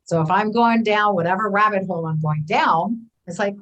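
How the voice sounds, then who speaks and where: Woman, 50s, wellness coach guest; lively, chatty, acts out inner voices at an average pitch. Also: moderate pace, few pauses, low-quality recording. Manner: animated, acts out inner voices, often adds "right?". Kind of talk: casual conversational interview.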